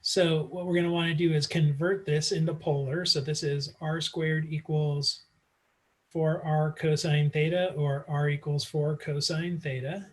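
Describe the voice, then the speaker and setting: A man's voice: a little high, little pitch movement, measured pace. A man teaching math in a casual online lecture, working through problems aloud with frequent fillers, recorded on a computer mic. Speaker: math instructor.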